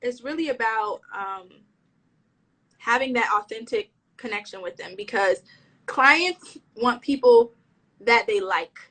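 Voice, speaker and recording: A woman's voice: a little high, lively intonation, measured pace, a bit bright, low-quality recording. A woman stylist chatting casually in an interview over a video call, slangy and full of restarts. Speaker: fashion stylist.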